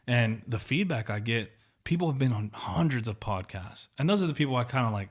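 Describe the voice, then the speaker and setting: A man's voice: medium pitch, expressive, brisk, hardly any pauses, breathy edge. A man hosting a podcast, talking in a rambling, candid way with many restarts and lots of "like". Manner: rambling, candid, says like a lot. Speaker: podcast host. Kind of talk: casual interview chat.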